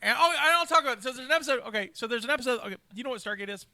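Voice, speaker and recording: Bright-voiced man telling a story. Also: extremely high pitch, very fast, dry recording. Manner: animated storyteller, laughs often. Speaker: podcast host. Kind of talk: casual chat.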